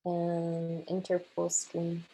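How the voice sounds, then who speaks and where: A woman poet speaking on a video call, soft and halting, full of pauses and fillers, openly emotional as she talks. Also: fairly low pitch, completely flat delivery, slightly rough, low-quality recording. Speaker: guest poet. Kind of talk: unscripted remarks on a video call.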